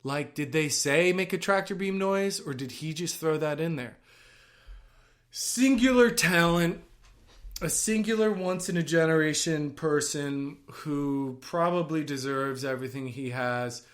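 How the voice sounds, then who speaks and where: A man who works as an actor and writer, giving casual watch-along commentary on a film in an excitable, gushing way that bursts into yelling. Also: on the high side, normal speed, few pauses.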